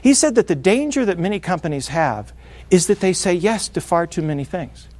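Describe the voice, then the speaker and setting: A middle-aged man delivers a motivational seminar in a lively, animated way, slipping into quoted voices as he goes. His voice sits high for a man. The recording is dry and close, with almost no room sound. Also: a little fast, dry recording. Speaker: speaker.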